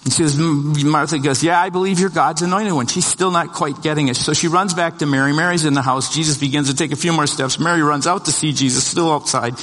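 A man preaches a sermon at a brisk clip with few pauses and a fairly bright tone. He tells the story conversationally, restarting at times and voicing the disciples' lines, and his pitch and volume climb to emphatic peaks. Long hall reverb surrounds the recording.

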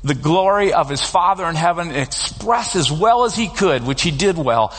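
A man preaching a sermon as pastor, talking in a relaxed conversational storytelling way. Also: on the high side, normal speed, breathy edge. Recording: long reverb of a large hall.

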